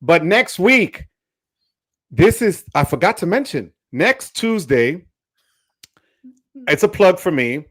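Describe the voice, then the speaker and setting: A man's voice: sits high, very animated, slow, long pauses, a bit bright. A man in his fifties hosting a casual livestream chat, playful and teasing, dropping Spanish words into his talk. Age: 50s. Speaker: host.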